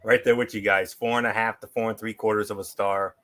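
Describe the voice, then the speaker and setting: A man's voice: lowish voice, level tone, brisk, fairly bright tone. A man co-hosting a wrestling show, delivering a polished prepared review with wry, sarcastic asides. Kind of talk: prepared review read aloud.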